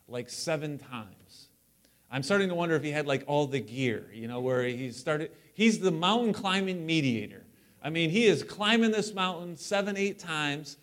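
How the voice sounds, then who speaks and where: A man preaching from the pulpit, his voice sitting a little higher than most men's. He delivers the sermon with animated energy and slips playful asides between the teaching points, speaking to the people in the church in front of him. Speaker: pastor. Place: church sanctuary.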